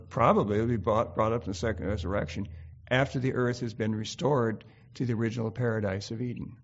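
A man's voice: mid-range voice, darkish tone. Man, bible study host, loose and musing, reads passages aloud, dull lo-fi sound. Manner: thinks aloud, reads scripture with frequent fillers. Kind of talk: informal Bible study talk.

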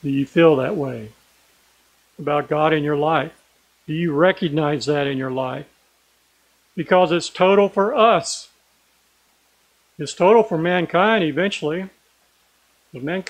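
A man preaching a sermon in an earnest way, slowing down and stressing key words as he reads scripture aloud. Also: a little high, rough recording.

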